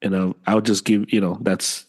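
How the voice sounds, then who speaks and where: A man's voice: low-pitched, moderate pace. A man co-hosting a podcast, venting in casual conversation and repeating himself for emphasis. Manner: animated, exasperated venting with repeated phrases. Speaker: podcast co-host. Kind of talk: casual chat.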